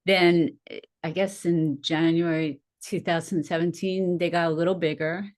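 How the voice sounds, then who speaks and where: A middle-aged woman with a low-pitched voice tells her story as a podcast guest. She talks in a chatty, lively way, laughing often and acting out her own past reactions. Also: normal speed. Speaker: podcast guest, nurse and minister. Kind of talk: casual interview storytelling.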